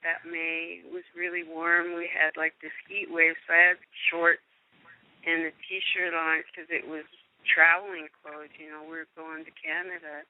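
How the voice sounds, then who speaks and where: A woman from the United States, a guest being interviewed, telling a story in a casual, animated way with frank, salty wording. She laughs as she goes and acts out the voices of the people in her story. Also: sits low, normal speed, dry recording. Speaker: actress and guest. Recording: tinny, dry phone line.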